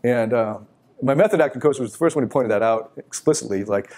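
A middle-aged man delivers a live motivational talk in a fast, lively voice that's on the high side with a darkish tone. He's blunt, swears freely, and slips into little performances of the people he quotes.

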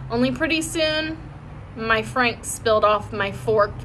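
A woman reading a children's chapter book aloud in a lively, expressive way. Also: on the high side, a little slow, a little hiss or hum. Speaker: audiobook reader. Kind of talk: storybook read-aloud.

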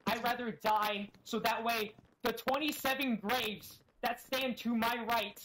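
A woman's voice: fairly high pitch, fairly even intonation, unhurried, fairly bright tone. A woman giving a rousing, defiant in-character speech over voice chat, swearing freely as she rallies the others. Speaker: roleplay server player giving a speech. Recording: noisy voice chat feed.

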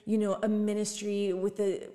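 A woman, a pastor co-hosting a faith podcast, telling stories with quick asides and light laughs. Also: mid-range voice, monotone, mellow, long reverb tail. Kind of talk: casual faith podcast chat.

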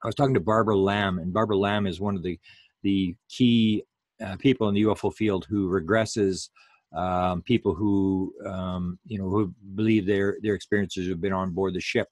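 A man's voice: deep voice, fairly even intonation, moderate pace, darkish tone, dry recording. A man giving a public lecture in a rambling way, full of fillers and restarts.

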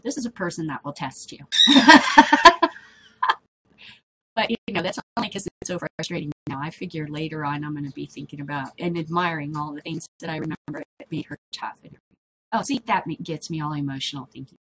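A middle-aged woman hosts a casual video blog, chatting to the camera, laughing often and drifting from topic to topic. Her low voice is bright and forceful, a little fast, and the recording quality is poor.

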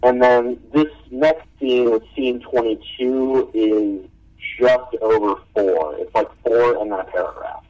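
Quick-talking male co-host, off-mic. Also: medium pitch, mellow, far from the mic, muffled recording. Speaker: podcast co-host and scriptwriter. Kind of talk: casual chat.

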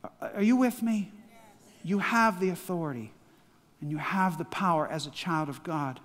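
A man's voice: sits high, normal speed, a bit bright. A man in his sixties with a Midwestern American accent, a pastor preaching a sermon with emphatic call-and-response, recorded in a large church hall. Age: 60s. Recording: long church-hall reverb.

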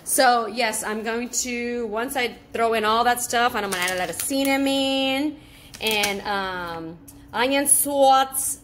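A woman's voice: a little high, fairly bright tone, slight background noise. A woman from Southern California chatting casually as she cooks at home, swearing freely and switching between Spanish and English. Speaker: home cooking vlogger. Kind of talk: casual cooking vlog chat.

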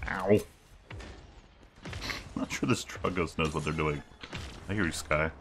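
A man giving casual, low-key let's play commentary, muttering wry asides as he plays. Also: measured pace. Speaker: gameplay commentator. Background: game music and gunfire.

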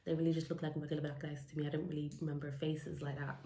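A young woman from retelling a personal story for a vlog, animated and repeating lines for emphasis, acting out what people said. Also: deep voice, racing, gravelly. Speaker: vlogger telling a story. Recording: echoey room with faint noise.

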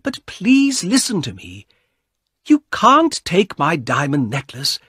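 A scared young woman begs in a high, swooping voice that climbs toward a cry, as a male narrator puts her on. The tone is husky and slow, and the sound is dry and close. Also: huge pitch swings, no room sound, heavily acted. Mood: pleading. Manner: pleading, rising to near shouts. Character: frightened pleading young woman.

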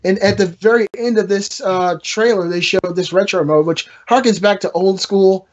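Guy with a high voice hosting a gaming podcast, rambly and jokey, kinda dull lo-fi sound. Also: steady tone, moderate pace. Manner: rambling, joking, trash-talking. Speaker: podcast host. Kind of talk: casual gaming podcast chat.

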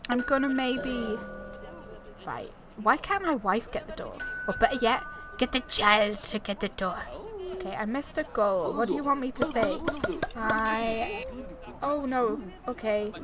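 A woman's voice: on the high side, lively intonation, measured pace, loud music behind the voice. A woman giving casual let's-play commentary, talking to herself and exclaiming as she plays, with game audio behind her. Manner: chatty, exclaiming, talks to herself while playing. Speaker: gaming YouTuber. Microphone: desktop USB mic.

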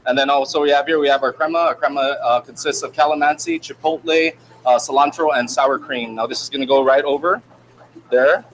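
A man's voice: mid-range voice, steady tone, fairly quick, fairly bright tone, low-quality recording. Give me a man as a chef casually explaining a dish, hesitant, faint ambient noise. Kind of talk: casual cooking demonstration.

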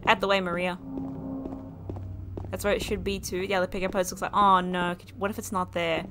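A woman streaming a video game live, chatting through her play and reacting loudly, often exclaiming and swearing. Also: fairly low pitch, level tone, brisk, over music. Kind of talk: live gameplay commentary.

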